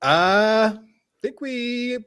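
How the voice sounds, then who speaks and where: A man hosting a casual gaming podcast, energetic and talking straight to his viewers. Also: sits high, very slow, clean tone. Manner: energetic, hype, calls out to viewers. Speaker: podcast host.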